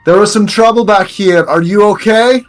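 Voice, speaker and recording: A man doing a loud bluffing adventurer. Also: expressive, extremely slow, gravelly, soft background music, full character voice. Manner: loud, raised pitch, shouting through a door. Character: adventurer bluffing through a locked door.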